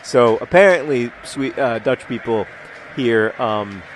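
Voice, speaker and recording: A man's voice: mid-range voice, slow pace, slight background noise. A man hosting a gaming video, talking casually and rambling, with lots of fillers and restarts while he plays. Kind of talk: casual commentary while playing a video game.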